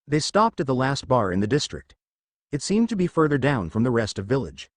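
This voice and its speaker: A man reading a fan fiction story aloud with an animated, lively storytelling delivery. His voice is mid-pitched and the recording is close and dry, with no room sound. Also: a little fast, no echo. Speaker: narrator.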